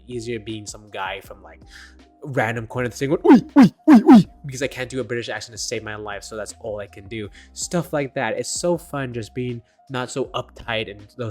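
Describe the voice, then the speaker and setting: Speaking into a desk microphone at medium pitch, a young man acting as dungeon master talks casually to camera. He rambles, puts himself down, and laughs nervously.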